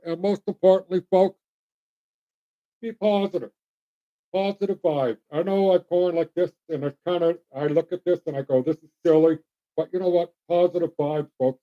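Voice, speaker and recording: Rambling blunt man, dark voice. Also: fairly high pitch, lo-fi sound. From Canada. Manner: rambling, blunt and folksy, addresses folks. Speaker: host. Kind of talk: opinionated solo commentary.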